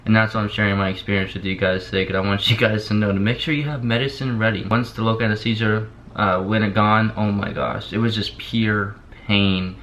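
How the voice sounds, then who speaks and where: A young man chats casually to the camera in a vlog, drowsy from pain medicine and barely moving his mouth as he rambles with plenty of "like" and repetition. His voice sits on the low side with a fairly bright tone and fairly even intonation, coming a little fast with hardly any pauses. The sound is dull and lo-fi, with a faint hiss.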